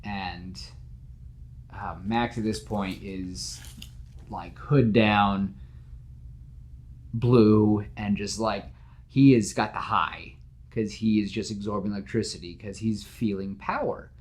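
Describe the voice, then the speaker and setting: A man hosting a podcast, telling a story in casual, animated chat with lots of fillers. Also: lowish voice, takes it slowly, pauses often. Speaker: podcast host pitching a story.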